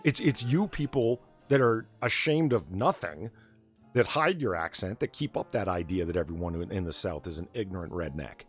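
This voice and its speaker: A man from the United States hosting a casual late-night chat stream, talking in an animated, profane, ranting way. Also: low voice, moderate pace, faint music behind. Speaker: stream host.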